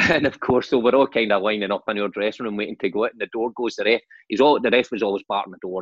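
Husky Scottish man telling stories. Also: on the low side, a little fast, no echo, lo-fi sound. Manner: animated anecdotes, laughing and swearing. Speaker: guest, former footballer and manager. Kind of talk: casual storytelling chat.

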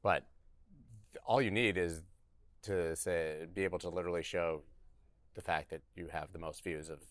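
A man hosting a podcast interview, asking questions in a relaxed way and agreeing with his guest. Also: deep voice, moderate pace, no room sound. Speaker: podcast host. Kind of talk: conversational interview.

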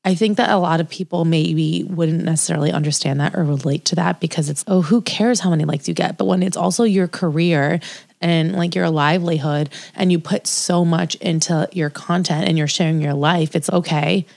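Podcast co-host, woman, new mom: deep, gravelly, frank and heartfelt. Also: fairly even intonation, moderate pace, a little mellow, no room sound. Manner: emotional, reflective, frank, with frequent fillers. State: new mother two months postpartum. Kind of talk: candid casual chat.

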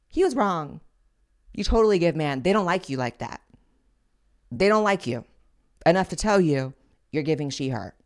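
Young woman host, low-pitched, brash and profane commentator. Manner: crude, sassy, profane. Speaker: podcast host. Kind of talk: blunt commentary on social media clips.

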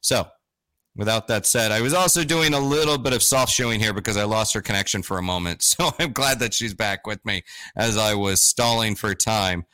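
A man's voice: on the low side, moderate pace, bright, forceful tone, dry recording. A man hosting a live-streamed interview, chatty and self-deprecating, with frequent fillers and restarts. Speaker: host.

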